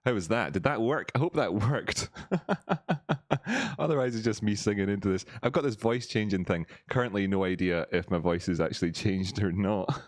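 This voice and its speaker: A man's voice: on the low side, expressive, moderate pace, no room sound, clean studio sound. A man hosting a casual live stream through a voice changer, chatty and laughing often as he greets viewers.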